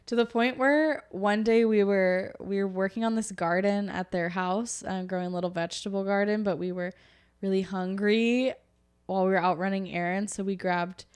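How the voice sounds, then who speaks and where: A woman's voice: mid-range voice, moderate pace, clean tone. Female podcast co-host, casual storyteller, playful impressions. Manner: chatty storyteller, animated impressions. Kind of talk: casual chat.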